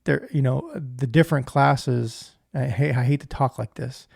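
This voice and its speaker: Gravelly man in casual podcast chat. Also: mid-range voice, unhurried, a little mellow, dry recording, clean studio sound. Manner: stammering restarts, emphatic opinions. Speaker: podcast co-host.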